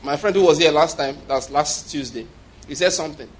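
A man's voice: fairly high pitch, a little fast, a little hiss or hum. A man preaching a sermon with humor, often laughing and calling for responses from the congregation.

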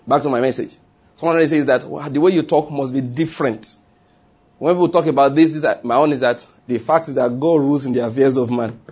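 Husky-voiced pastor guy preaching, chatty, keeps repeating lines and asking the crowd stuff. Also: mid-range voice, fast talker, darkish tone. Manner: conversational preaching, repeats key phrases, asks the congregation questions. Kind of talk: sermon.

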